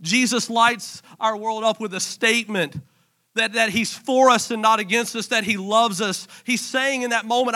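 A man in his thirties preaching a sermon in church, impassioned, dropping to a hush and then rising to emphatic lines. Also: sits high, moderate pace. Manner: impassioned, swinging from hushed to emphatic. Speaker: pastor.

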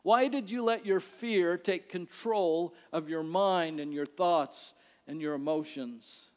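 A male pastor preaching a sermon in a conversational way, swinging between loud declarations and hushed lines. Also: sits high, slow pace. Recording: dull sound with long hall reverb.

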